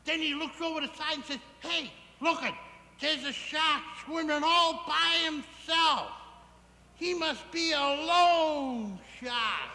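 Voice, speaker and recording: A man doing a high, goofy barroom simpleton. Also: slow pace, bright, forceful tone, roomy sound, big-room sound, slight background noise, heavily acted. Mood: goofy rambling. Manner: rambling, goofy punchline storytelling with wheezy giggles. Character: dim, cheerful man-child barfly telling a garbled tale. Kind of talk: 1960s TV variety sketch monologue.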